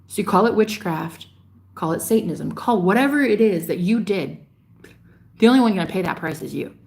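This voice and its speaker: A woman delivering a fiery, preachy monologue straight to her viewers, swearing freely and scolding them, with sharp jumps in pitch on her outbursts. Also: animated, fairly quick, creaky. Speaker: spiritual vlogger. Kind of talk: ranting monologue to camera.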